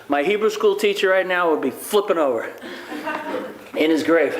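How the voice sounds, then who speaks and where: A man's voice: fairly high pitch, normal speed, pauses often. A middle-aged man who is a sports sociologist, giving a joking, rambling public lecture full of asides to the crowd. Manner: wisecracking, chatty, rambling asides. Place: lecture hall. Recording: echoey hall with noise.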